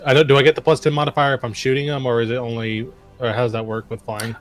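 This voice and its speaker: A man's voice: medium pitch, flat delivery, quick pace, faint music behind. A man playing a tabletop game, chatty and hesitant, often asking how the rules work. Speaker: player. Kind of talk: casual tabletop play.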